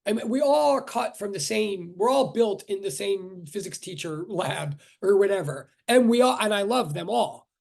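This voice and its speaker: Middle-aged male physics teacher from Brooklyn, high husky voice, rambling sarcastic asides, video call audio. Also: expressive, moderate pace, few pauses. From Brooklyn, New York. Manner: rambling, joking, self-interrupting, sarcastic. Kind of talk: casual class introduction on a video call.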